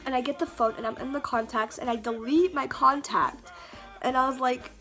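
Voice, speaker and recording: A woman with a slightly high voice tells a casual storytime vlog straight to her camera. She rambles along, stumbling over her words and filling the gaps with "like" and "you know", while faint music plays softly behind her. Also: fairly even intonation, normal speed. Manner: chatty, many fillers and restarts, stammers. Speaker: vlogger. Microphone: camera mic.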